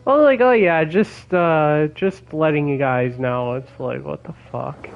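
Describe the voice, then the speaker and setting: A young man chatting casually while streaming a game, excitable and swearing a lot, with laughs between his words. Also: fairly high pitch, a little slow, gravelly, muffled recording, soft background music. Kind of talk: casual gaming stream chat. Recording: faint background noise.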